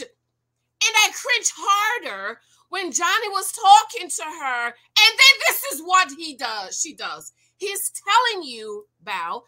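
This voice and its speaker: Bright-voiced woman giving animated commentary. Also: very high-pitched, takes it slowly. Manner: animated, preachy, rhetorical questions to viewers. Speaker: YouTube commentator. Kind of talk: casual reaction commentary.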